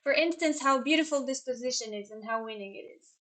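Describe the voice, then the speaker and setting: Young female chess streamer, fairly high voice, loose rambling chat with viewers. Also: fast talker, fairly bright tone. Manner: chatty, rambling, answers chat questions. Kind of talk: casual live-stream chat.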